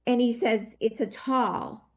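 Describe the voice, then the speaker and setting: Shaky-voiced woman, halting storytelling. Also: on the high side, steady tone. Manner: halting, full of restarts and fillers. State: shaky with emotion. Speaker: interview guest. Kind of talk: personal storytelling.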